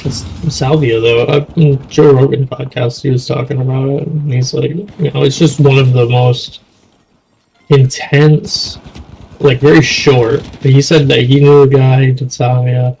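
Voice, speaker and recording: A man's voice: medium pitch, little pitch movement, unhurried, vocal fry, a little mellow, slight background noise, poor audio. A young man in casual chat, rambling and swearing, often trailing off mid-thought. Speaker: streamer.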